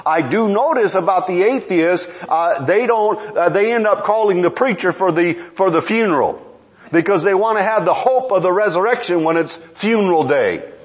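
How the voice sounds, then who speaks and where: High-voiced, animated male preacher. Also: moderate pace. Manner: animated, asks the congregation questions, chuckles as he speaks. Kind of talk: sermon.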